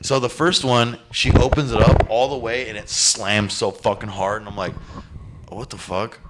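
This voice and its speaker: A man casually telling a long profane story on a podcast, animated and blunt. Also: mid-range voice, moderate pace, very noisy.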